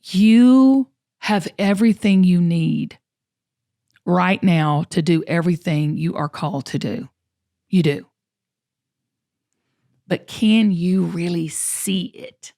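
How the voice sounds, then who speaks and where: A woman's voice: fairly low pitch, slow pace, long pauses, dark tone. A woman hosting a podcast, talking in an earnest, encouraging way and repeating words as she gets going. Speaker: podcast host. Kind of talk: casual podcast chat.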